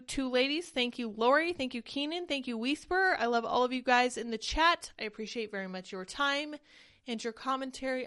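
Higher-voiced woman hosting political commentary. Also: fairly bright tone. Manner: conversational, reads tweets and comments aloud. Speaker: host.

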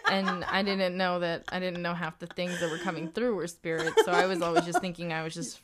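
A woman's voice: fairly low pitch, steady tone, a little fast, very noisy. A young woman hosting a casual spiritual chat, talking loosely with lots of "like" and frequent swearing. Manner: chatty, swears freely, many fillers.

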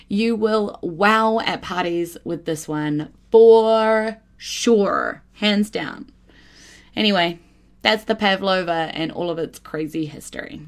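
A New woman hosts her podcast alone. She speaks in a casual, chatty way, at a middling pitch, and laughs often. Her excitement rises quickly. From New Zealand. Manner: bubbly, laughs often, gets giddy with excitement. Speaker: podcast host. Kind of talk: casual solo podcast chat.

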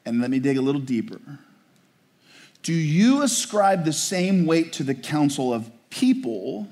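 A man's voice: fairly high pitch, darkish tone. A man preaching a sermon in a conversational way, often asking his listeners "right?". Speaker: pastor.

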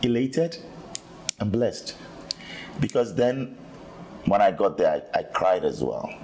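A man's voice: fairly low pitch, big pitch swings, slow pace, background noise. A middle-aged man with a Ghanaian English accent, a guest in a sit-down interview, telling his story in an upbeat, earnest way with many repeated starts. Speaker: interview guest, media executive.

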